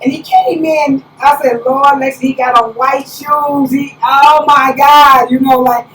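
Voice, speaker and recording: A woman apostle preaching a conversational sermon, telling stories with lively preacherly exclamations. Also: high voice, moderate pace. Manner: animated storytelling, preacherly exclamations. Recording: roomy, distant, faint background hiss.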